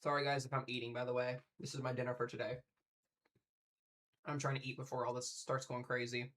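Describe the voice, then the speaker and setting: A fast-talking man runs a live storm-coverage stream from home, his voice bright and forceful. He chats eagerly and speaks directly to the people watching. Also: mid-range voice. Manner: chatty, excitable, talks straight to viewers. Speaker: severe weather live streamer. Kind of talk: casual live weather commentary.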